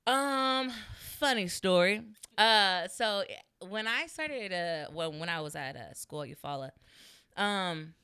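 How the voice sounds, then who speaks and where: A woman's voice: medium pitch, takes it slowly, pushed and bright, clear, resonant tone, dry recording. A young woman in her twenties, a stand-up comedian, telling a story in a casual interview, laughing often and saying "like" a lot. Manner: laughs often, lots of "like" fillers.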